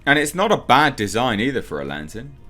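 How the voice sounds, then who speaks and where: A man's voice: medium pitch, very animated, fairly quick, bright, forceful tone, faint music behind. A man reviewing a movie trailer in casual reaction commentary, opinionated and rambling as he thinks aloud with frequent ums.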